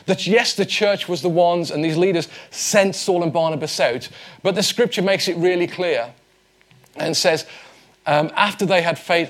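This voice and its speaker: A man in his forties preaching, his voice sitting a little higher than most men's. He talks to the congregation in an earnest, conversational way and slips in light humor. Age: 40s. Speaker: pastor. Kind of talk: sermon.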